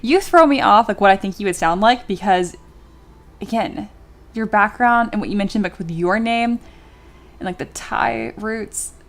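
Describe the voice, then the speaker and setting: A woman's voice: mid-range voice, moderate pace. A young adult woman livestreaming while she sculpts, chatting casually and giggling as she reads viewer comments aloud. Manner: chatty and giggly, with frequent fillers.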